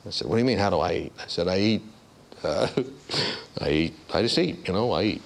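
A man's voice: a little fast, gravelly. A man preaching a storytelling sermon, acting out the voices of the people in his stories. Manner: animated storyteller, acts out voices with big pitch jumps.

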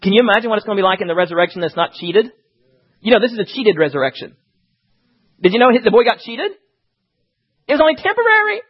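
A man preaching a sermon, reading scripture and talking fast with animated asides. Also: high-pitched, slightly rough, dull audio.

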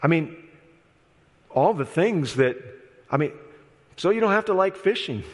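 Impassioned preacher in a reverberant auditorium. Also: male voice, fairly high pitch, lively intonation, unhurried. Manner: impassioned, appealing, swings between loud storytelling and hushed pleas. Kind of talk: evangelistic sermon. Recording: long hall reverb.

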